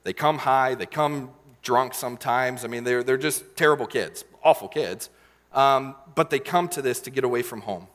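A man's voice: mid-range voice, a bit bright. Earnest young man preaching in a hall. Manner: earnest, emotional, with many fillers and pauses. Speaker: youth leader giving a sermon. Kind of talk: personal story sermon.

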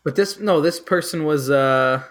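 A man's voice: a little high, measured pace, slight background noise. Young man, joking podcast co-host. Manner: joking, slangy, mocking impressions. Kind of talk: casual chat.

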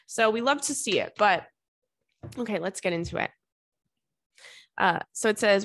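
A woman's voice: normal speed, pauses often, no room sound, studio quality. A young woman hosting a podcast, chatting casually and reading listener letters, acting out quotes with big leaps in her voice. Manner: animated, acts out quotes with big jumps in pitch. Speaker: podcast host.

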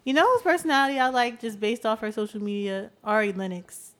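A woman's voice: fairly high pitch, a bit bright. A woman co-hosting a podcast, chatting playfully and casually with friends. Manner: chatty, playful, quick to tease. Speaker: podcast co-host. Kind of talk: casual chat.

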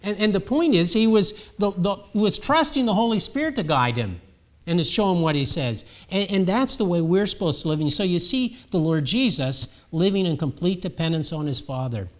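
A man's voice: high-pitched, animated, fairly quick. A male preacher giving a sermon in a conversational way, often repeating words as he restarts a sentence.

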